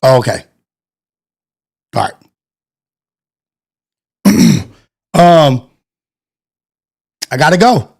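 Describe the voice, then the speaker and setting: A man's voice: medium pitch, sing-song, extremely slow, gravelly, pauses often, a little mellow. A man hosting a casual live stream, rambling and thinking aloud, often correcting himself. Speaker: live-stream show host.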